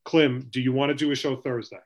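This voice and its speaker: Middle-aged guy hosting a chat show, talks quick, upbeat sign-off stuff. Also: medium pitch, fairly even intonation. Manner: brisk, upbeat sign-off patter. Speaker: talk show host.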